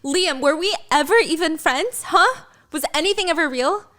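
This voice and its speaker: A woman's voice: sits high, expressive, normal speed, fairly bright tone. A woman voicing a fierce young woman rider who snaps back in a raised, swearing voice. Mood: furious.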